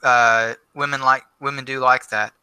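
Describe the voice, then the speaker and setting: Brief: man with a very bright tone, relaxed storyteller, dry close sound. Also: medium pitch, moderate pace, smooth, no room sound. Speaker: livestream co-host. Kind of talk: casual chat.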